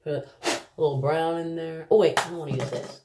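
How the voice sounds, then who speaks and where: Low-voiced woman chatting through makeup. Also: steady tone, fairly quick, background noise. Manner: chatty, self-deprecating, exclamatory asides. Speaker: beauty vlogger. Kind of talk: casual makeup tutorial chat. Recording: echoey room.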